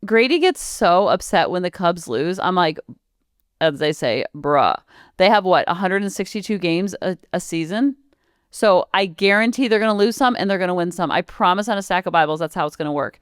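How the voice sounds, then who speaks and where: A woman's voice: fairly low pitch, animated, a little fast, smooth, no echo, studio quality. A woman in her forties hosting a parenting podcast, chatting casually and piling up long lists of examples. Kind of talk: casual solo podcast talk.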